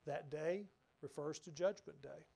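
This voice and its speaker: Earnest male preacher with a mellow voice. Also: a little high, measured pace, gravelly, slightly rough. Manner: earnest, rising and dropping to near whisper. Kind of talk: sermon.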